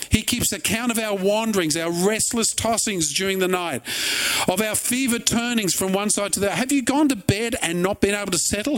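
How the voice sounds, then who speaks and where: A man's voice: high voice, a bit bright. A middle-aged man preaching a sermon as a pastor, earnest and conversational with wry asides.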